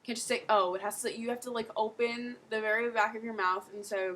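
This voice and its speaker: A woman's voice: a little high, fairly even intonation, brisk, fairly bright tone, slight background noise. A teenage girl giving a casual home video tutorial, chatty and rambling with lots of fillers. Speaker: accent tutorial host.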